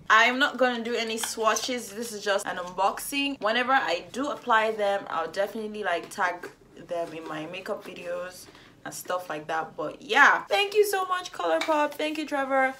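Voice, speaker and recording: A young woman with a fairly high voice vlogs from home, gushing and gasping over a makeup unboxing. A faint hiss of noise sits under her voice. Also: animated, normal speed, pushed and bright. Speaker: beauty vlogger. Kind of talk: excited unboxing vlog.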